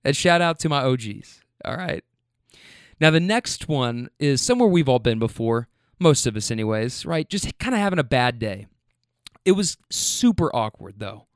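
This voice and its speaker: A man's voice: mid-range voice, big pitch swings, moderate pace, clear, resonant tone, no room sound, clean studio sound. A man who drives for a rideshare service, telling stories from his rides in a casual, laid-back way, swearing freely and talking straight to the listener. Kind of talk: casual storytelling.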